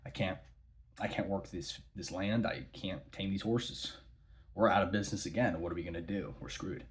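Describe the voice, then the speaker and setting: A man's voice: sits low, steady tone, normal speed. A man doing a panicky young farmer's son. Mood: despairing. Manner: frantic, despairing.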